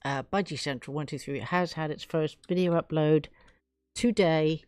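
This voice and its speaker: A woman's voice: sits low, moderate pace, a little mellow, no echo, studio quality. A woman from England hosting her own live stream, chatting casually and gushing her thanks to viewers.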